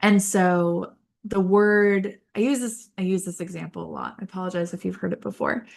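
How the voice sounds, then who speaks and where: Lady hosting a speech therapy podcast, rambly chatty explainer, gravelly fry in her voice. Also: on the low side, steady tone, moderate pace, darkish tone. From Baltimore. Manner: chatty, many fillers and tangents. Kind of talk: casual educational talk.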